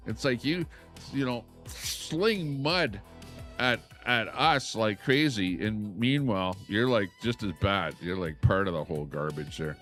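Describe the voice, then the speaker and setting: Middle-aged man, casual live host; rambling, ranty delivery, low-ish voice. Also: animated, measured pace, fairly bright tone, faint music behind. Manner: rambling, ranting, full of filler words. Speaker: livestream host. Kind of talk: casual live-stream talk. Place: lakeside home, Alberta.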